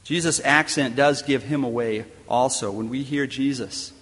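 A man delivers a sermon in a chapel, pausing deliberately between rhetorical questions. His voice sits in an ordinary middle pitch. The long reverb of the room trails after each phrase. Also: a bit bright, breathy edge. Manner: measured, emphatic preaching with deliberate pauses and rhetorical questions. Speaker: chaplain preaching in a school chapel. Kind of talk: sermon and closing prayer.

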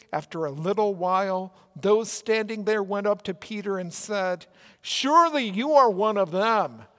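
A pastor from Minnesota with a Minnesotan accent, giving an earnest, emphatic sermon with deliberate pauses. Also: male voice, sits high, long reverb tail.

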